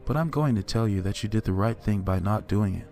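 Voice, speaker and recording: A gentle older bus driver speaks with a Southern US drawl, soothing and fatherly. A man reads him in a lowish voice for a spoken horror story. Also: fairly quick, lightly acted. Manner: kindly, soothing advice.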